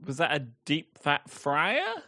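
A man's voice: fairly high pitch, huge pitch swings, slow, pushed and bright. A man co-hosting a comedy podcast, playing along with a mock game show and laughing easily. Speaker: co-host.

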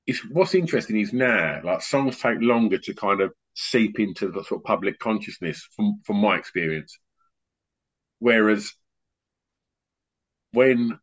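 A middle-aged man hosting a podcast on a video call, a rambling, animated storyteller who often restarts his sentences. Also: fairly low pitch, husky. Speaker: podcast host and DJ. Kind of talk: casual chat on an online call. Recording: muffled lo-fi online call audio.

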